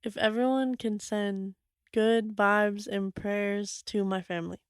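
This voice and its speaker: A woman's voice: mid-range voice, steady tone, slow, clean tone, no room sound. A young woman co-hosting a casual podcast, telling stories in a rambling way, full of "like" and little laughs. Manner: giggly, rambling storyteller full of "like". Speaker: podcast co-host.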